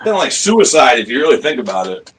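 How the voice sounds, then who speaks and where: A man with a bright, forceful voice recounts road stories as a podcast guest. He swears freely and laughs as he talks. The pitch sits in an ordinary middle range. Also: big pitch swings, fast talker, slightly rough. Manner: profane, laughing storyteller. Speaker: wrestler guest. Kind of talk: casual storytelling interview.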